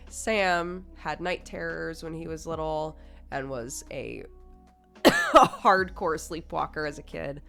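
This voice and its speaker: A woman streamer tells a story in a relaxed, rambling way, filling her sentences with "like" and laughing as she goes. Her voice sits a little low for a woman. Soft music plays faintly behind her. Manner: chatty, full of "like" fillers, laughs through the telling. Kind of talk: casual storytelling to a live stream chat.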